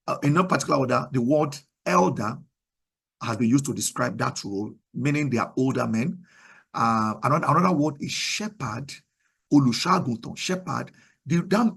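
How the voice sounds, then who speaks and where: A middle-aged Nigerian man with a Nigerian accent preaching a sermon in a conversational, animated way, often repeating words. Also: a little high, gravelly, slightly rough. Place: virtual service, remote.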